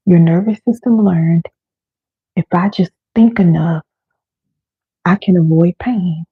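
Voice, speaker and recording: A woman with a husky, gravelly voice leads a slow, soothing live self-help session. The sound is thin and phone-like, and the room is dry with no echo. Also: fairly low pitch. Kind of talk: live-streamed guided wellness talk.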